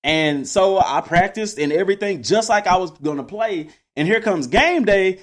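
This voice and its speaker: A man's voice: high voice, normal speed. A young man from Texas, telling a personal story casually to his listeners. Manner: animated, addresses listeners as y'all. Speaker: podcast host.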